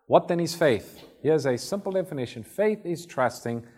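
Male preacher, relaxed storytelling sermon delivery, acts out scenes. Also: on the high side, moderate pace. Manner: conversational, acts out Bible scenes.

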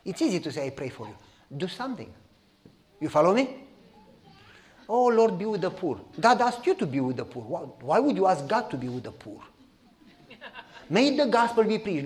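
Animated preaching man with a Romanian accent. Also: high-pitched. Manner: animated, repeats "You follow me?". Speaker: pastor. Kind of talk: sermon storytelling.

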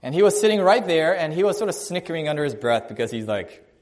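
Preacher, lively storytelling. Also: male voice, fairly high pitch, fast. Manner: conversational, storytelling, varies loudness and pace for emphasis. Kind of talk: sermon with a personal story.

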